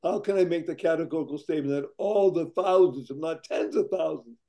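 Hoarse man, mellow gravelly voice, playful podcast guest, exuberant. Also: a little high, a little fast. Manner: exuberant, playful, spells words out. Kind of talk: casual podcast chat.

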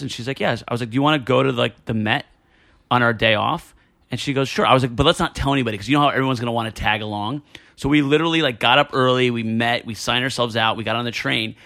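A man telling animated stories from his school days in casual chat, with many fillers and restarts. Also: medium pitch, creaky. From New Jersey.

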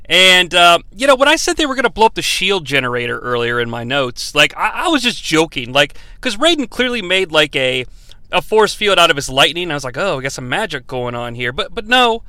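A man's voice: high voice, sing-song, fairly quick, pushed and bright, no echo. A man hosting a comedic bad-movie review, ranting sarcastically and swearing a lot.

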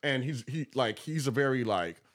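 A guest promoter from Texas spins casual stories, playing out quotes with laughter and plenty of animation. He has a mid-range voice and keeps a normal pace.

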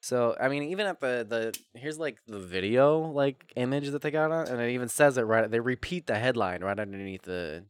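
A man's voice: medium pitch, fairly quick, hardly any pauses, clean tone, no echo. A young man co-hosting a podcast, chatting crudely and laughing a lot as he tells stories close to the mic. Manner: crude, giggly, animated storyteller. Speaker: podcast co-host. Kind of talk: casual podcast banter. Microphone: close studio mic.

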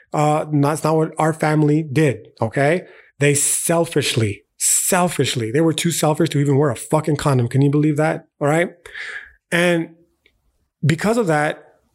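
A man's voice: fairly high pitch, gravelly. A young man with a slightly raised voice rants on a casual podcast. He is heated and profane, and he keeps punching his points with slang and a repeated "okay". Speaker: podcast host. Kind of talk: casual philosophical rant.

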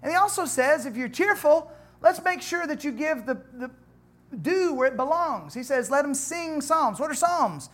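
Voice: high-pitched, moderate pace. Pastor mid-sermon: conversational, joking, reads scripture with building emphasis. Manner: animated, conversational preaching with humor and asides to the congregation. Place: church.

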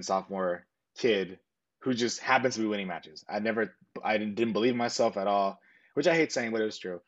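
A young man recounts his past in a relaxed, rambling way, leaning on "um" and "like" and acting out both sides of old conversations. His voice sits on the low side. The recording is a bit dull and muffled. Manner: earnest, rambling with frequent fillers and self-quotes. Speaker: interviewee. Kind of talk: casual storytelling.

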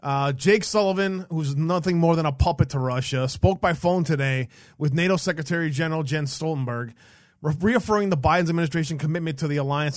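A man's voice: a little high, fairly quick, no echo, clean studio sound. A man co-hosting a casual political livestream, reading headlines aloud and mocking them with sarcastic, profane asides. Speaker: podcast co-host.

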